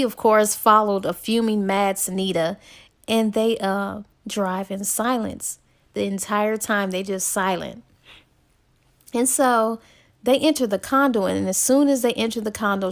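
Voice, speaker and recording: Woman book reviewer, slightly high voice, casual and giggly recap style, quotes characters lightly. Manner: chatty, giggly, quotes characters in a lively storytelling tone. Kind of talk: casual plot retelling.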